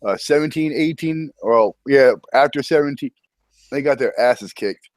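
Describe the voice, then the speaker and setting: A man's voice: mid-range voice, moderate pace, no echo. A man hosting a casual voice-chat show about a strategy game event, easygoing and profane, often chuckling. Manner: laid-back, profane, chuckling. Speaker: podcast host.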